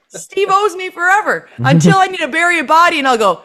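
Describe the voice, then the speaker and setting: A woman telling a story on a podcast, animated, acting out quotes and swearing freely. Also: very high-pitched, normal speed. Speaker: podcast guest. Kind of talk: casual chat.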